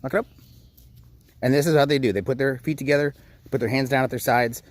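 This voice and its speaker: A man's voice: mid-range voice, fairly even intonation, fast, no room sound. A man in his thirties giving casual parenting advice to camera, frank and conversational, with frequent hesitations. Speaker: parenting coach.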